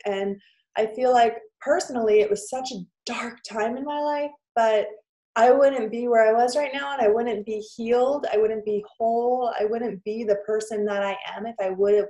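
A woman's voice: medium pitch, mellow. A woman in her thirties, a trauma therapist, tells her personal story in an interview in an earnest, emotional way, with lots of "like" fillers. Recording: roomy echo.

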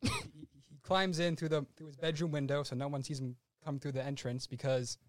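Slightly high man, hedging storyteller. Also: flat delivery, no room sound, clean studio sound. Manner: unhurried, hedging, self-correcting. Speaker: podcast co-host. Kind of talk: casual retelling of a film scene.

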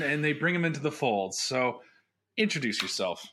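Teasing, animated man co-hosting a podcast. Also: mid-range voice, normal speed, slight background noise. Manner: teasing, animated storyteller who acts out quotes. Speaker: podcast co-host. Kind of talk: casual chat. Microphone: podcast microphone.

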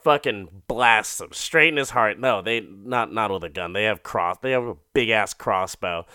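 A young man casually recapping an episode, rambling and profane, slipping into quick character voices and laughing at his own jokes. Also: lowish voice, expressive, sharp tone, smooth, dry recording, studio quality.

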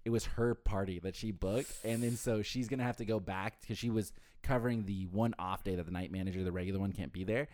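Young male, low-pitched, rapid casual venter, swears a lot. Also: steady tone, darkish tone, no echo. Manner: fast, rambling, heavy swearing and "like" fillers. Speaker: hotel front desk worker. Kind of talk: casual chat.

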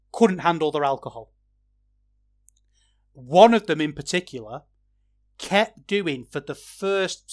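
A man hosting a podcast, giving a rambling, opinionated wrestling review that gets animated when he is worked up. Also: on the high side. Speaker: podcast host.

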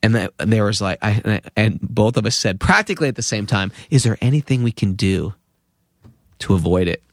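A man in his fifties, a podcast guest, telling an anecdote with lively acted-out quotes. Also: on the low side, fairly quick, no echo. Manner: lively storyteller acting out quoted voices. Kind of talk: anecdotal storytelling.

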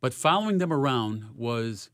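A retired sports reporter in his sixties, telling lively stories in an interview. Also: normal speed, dry recording, studio quality. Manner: animated storyteller, rising loud in highlights. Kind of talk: storytelling interview.

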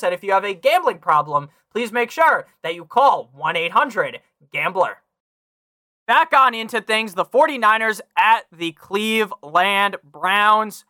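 A man's voice: high-pitched, pushed and bright, no echo, clean studio sound. A young man hosting a fantasy football podcast, talking casually, brash and foul-mouthed, speaking straight to his listeners. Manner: brash, swears freely, talks to listeners directly; reads a sponsor ad. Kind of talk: casual profane sports analysis.

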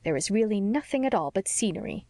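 A woman reading the part of a practical, cheerful housekeeper in an audiobook, speaking briskly and matter-of-factly. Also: medium pitch, expressive, dark tone, dry recording, lightly acted.

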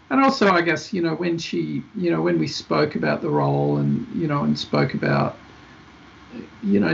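Man rambling as interview guest, gravelly, slightly high, dull lo-fi audio. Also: a little hiss or hum. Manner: rambling, many fillers and restarts. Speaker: film director guest. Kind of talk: casual interview chat.

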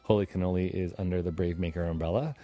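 Middle-aged male podcast host, low-pitched, chatty, jokey, quick to laugh. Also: steady tone, warm tone. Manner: laughs often, chatty and joking. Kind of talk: casual podcast chat.

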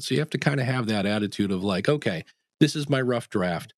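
A man, a podcast coach, answering interview questions in an animated way, acting out the people he quotes. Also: medium pitch, quick pace, dry recording, studio quality.

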